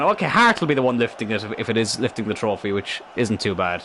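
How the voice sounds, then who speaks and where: Bright-voiced excitable young gamer man. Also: fairly low pitch, fast, slight background noise. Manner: excitable, swears freely, thinks aloud. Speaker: gamer commentating his own play. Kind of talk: casual let's-play commentary.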